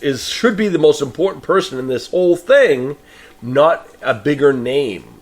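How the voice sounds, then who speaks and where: Man, podcast host, film review monologue, opinionated, rambling, mid pitch. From Boston. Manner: opinionated, rambling, frequent restarts.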